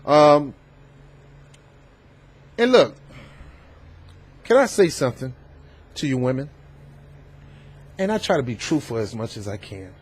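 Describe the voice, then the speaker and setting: A man hosting a political commentary vlog, talking in an emphatic, animated and preachy way. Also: mid-range voice, measured pace, long pauses, breathy edge. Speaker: host.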